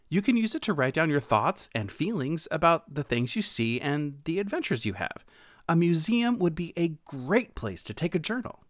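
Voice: medium pitch, no room sound, studio quality, close to an everyday voice. A storyteller voicing a shy, thoughtful young male mouse in a children's storybook. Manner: gentle, earnest.

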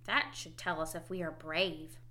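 A woman voicing a cheerful, excitable male frog in a children's storybook, with a high, eager, bouncy delivery. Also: a little slow.

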